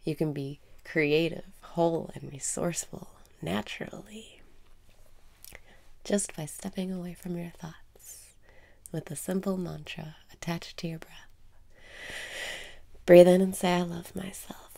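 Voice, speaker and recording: A woman guides a meditation in a very low, heavily gravelly voice full of vocal fry. She speaks slowly and softly, slipping often into breathy whispers and repeating calm breathing cues and mantras.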